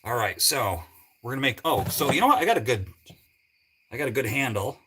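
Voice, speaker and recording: A man's voice: medium pitch, animated, a little fast, pushed and bright, slight background noise. A man hosting a live stream while working on his truck. He chats with viewers in a rambling way, with lots of fillers. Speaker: livestream host working on a truck. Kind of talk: casual live-stream chat.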